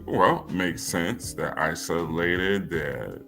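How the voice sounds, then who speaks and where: A man's voice: deep voice, takes it slowly, creaky, music in the background. A man co-hosting a live talk stream, chiming in with laid-back agreement and asides. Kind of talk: casual live stream chat.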